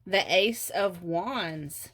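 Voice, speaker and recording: A woman doing a casual pick-a-card tarot reading, often laughing and pausing with fillers. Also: lowish voice, a bit bright. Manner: giggly, halting with many fillers. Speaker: tarot reader.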